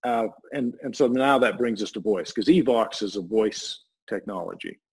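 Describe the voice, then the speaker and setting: A man's voice: fairly low pitch, moderate pace, a little mellow, slightly rough, poor audio. A man talking through an idea in a loose, rambling way, often restarting his sentences. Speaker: guest explaining a voice technology. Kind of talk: casual explanatory talk.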